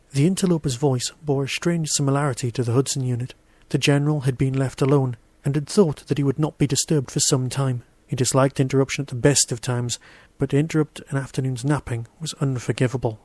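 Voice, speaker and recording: A man narrating his own short story in a steady, even reading voice. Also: medium pitch, fairly quick, dry recording. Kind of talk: audiobook-style story narration.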